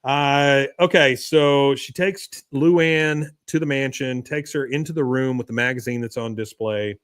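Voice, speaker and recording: A man's voice: mid-range voice, steady tone, measured pace, a bit bright, smooth, no room sound, studio quality. A man hosting a podcast, recapping a cartoon episode in a wry, chatty way. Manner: wry, chatty storytelling with fillers. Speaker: podcast host.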